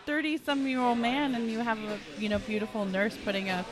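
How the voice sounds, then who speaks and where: A woman's voice: on the high side, little pitch movement, brisk. Chatty woman from Wisconsin. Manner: chatty, asks blunt follow-up questions. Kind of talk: casual podcast chat.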